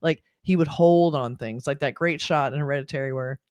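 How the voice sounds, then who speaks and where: A woman reviewing a horror trailer in casual chat, animated as she pictures scenes out loud. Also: low voice, fairly quick, no echo, highs cut off. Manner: animated, imagining scenes aloud. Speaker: movie reviewer. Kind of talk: casual discussion reacting to a trailer.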